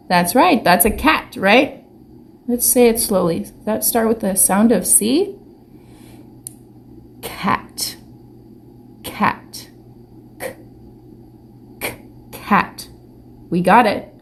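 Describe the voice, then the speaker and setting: A woman teaching young children in an online lesson, talking slowly with lots of questions and sounding out letters. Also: medium pitch, a little mellow, a little hiss or hum. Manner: slow, sing-song teacher talk with many questions. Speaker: preschool teacher.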